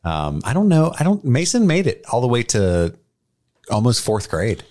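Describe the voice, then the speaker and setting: A man's voice: mid-range voice, huge pitch swings, normal speed, darkish tone. A man co-hosting a podcast, a father telling playful stories about his son with jokey asides. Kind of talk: casual chat.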